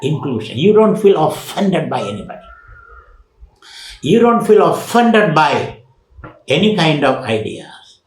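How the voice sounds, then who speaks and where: A man's voice: fairly high pitch, very animated, measured pace, pauses often, roomy sound, poor audio. A man giving a spiritual lecture as a swami, teaching emphatically with rhetorical questions and recited Sanskrit verses.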